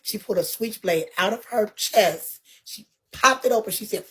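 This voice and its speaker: A woman appearing as a guest tells a story casually and animatedly, laughing often and swearing freely. Her mid-range voice is husky and moves at normal speed.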